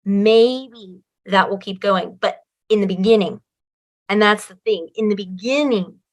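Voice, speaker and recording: A woman's voice: medium pitch, a little slow. A woman who is a writer and a guest on an interview podcast, explaining her points earnestly and with emphasis. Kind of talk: casual interview chat.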